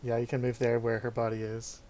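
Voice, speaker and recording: A man's voice: medium pitch, completely flat delivery, fairly quick, warm tone. A man running a tabletop game as game master, giving brief matter-of-fact rulings.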